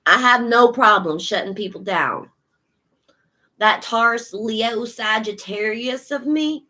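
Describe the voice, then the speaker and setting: A woman's voice: mid-range voice, bright, forceful tone, poor audio. A woman giving a casual tarot reading, sassy and emphatic, speaking straight to her viewers. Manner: sassy, emphatic, laughs often. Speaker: tarot reader.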